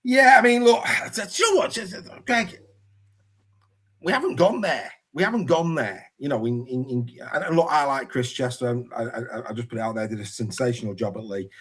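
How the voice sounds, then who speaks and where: A man's voice: mid-range voice, moderate pace, fairly bright tone, husky. A man hosting a casual rugby league chat show, rambling, with many restarts and fillers. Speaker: podcast host.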